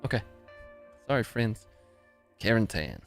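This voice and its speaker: A man's voice: lowish voice, sing-song, measured pace, soft background music. A man in his thirties from the United States, casually chatting with viewers while streaming a game, laid-back and chuckling often. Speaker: livestream host.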